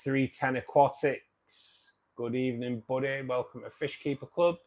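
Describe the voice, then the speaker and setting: Man, live stream host, casual chat, mid-pitched voice, trailing off quietly. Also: fairly even intonation, moderate pace. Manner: chatty, friendly greetings, trails off quietly. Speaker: livestream host. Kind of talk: casual live chat reading viewer comments.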